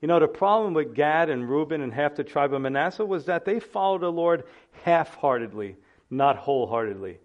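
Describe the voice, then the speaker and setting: A man's voice: fairly high pitch, lively intonation, fairly quick, muffled recording. A man preaching a sermon as pastor, earnest, acting out the people in the text.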